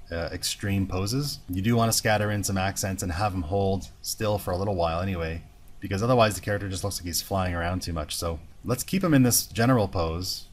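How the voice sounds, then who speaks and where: A man with a fairly low voice walks through a drawing tutorial, narrating every step as he goes. His tone is relaxed and explanatory, as if he is thinking out loud. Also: slight background noise. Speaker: animation instructor. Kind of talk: screen-recorded software tutorial.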